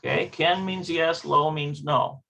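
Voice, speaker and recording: A man's voice: a little high, fairly even intonation, measured pace, creaky, bright, forceful tone. A man teaching an online Hebrew lesson, thinking aloud with hesitations and stopping to check pronunciations. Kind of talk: slow online language lesson.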